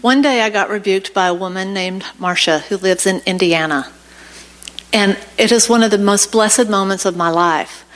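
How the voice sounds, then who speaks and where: A woman's voice: mid-range voice, moderate pace, a bit bright, poor audio. A woman speaking as a guest in a church service, telling a personal story and rising into passionate exhortation. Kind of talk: preaching testimony. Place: church sanctuary.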